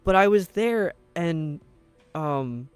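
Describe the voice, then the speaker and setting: A young man with a strong New York accent rambles on a live game stream, full of "like" and "um". His voice sits a touch high and sounds smooth and clear. It is recorded close and dry, with faint game music underneath. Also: lively intonation, slow pace, dry recording. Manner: rambling and chatty, with frequent fillers. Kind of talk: casual chat while gaming.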